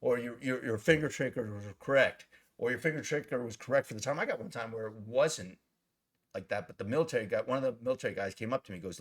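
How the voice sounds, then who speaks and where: A middle-aged man, an actor, telling stories in a casual interview, animated and swearing freely. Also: medium pitch, fast talker, slightly rough.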